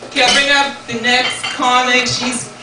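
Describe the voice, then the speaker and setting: A woman hosting a comedy show who delivers deadpan one-liners and introduces the next comic. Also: high-pitched, normal speed. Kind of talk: stand-up set. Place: comedy club stage. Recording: echoey room from far off, background noise.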